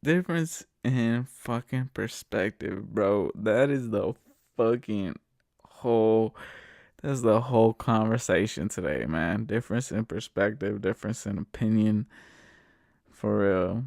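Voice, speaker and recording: With a fairly low, slightly slow voice full of vocal fry, this American podcast host rants alone, cursing nonstop and returning to the same points again and again. The recording is dry and studio-clean.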